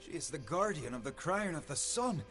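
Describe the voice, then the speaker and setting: A man's voice: on the high side, very animated, normal speed, music in the background. An actor voicing an ancient male fae guardian in a game, speaking in a formal, stately way. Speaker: quest giver. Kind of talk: game dialogue.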